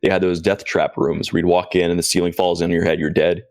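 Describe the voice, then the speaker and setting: A man's voice: sits low, flat delivery, quick pace, a little mellow, dry recording, clean studio sound. A man co-hosting a casual discussion who keeps acting out what players and game masters say. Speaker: podcast co-host.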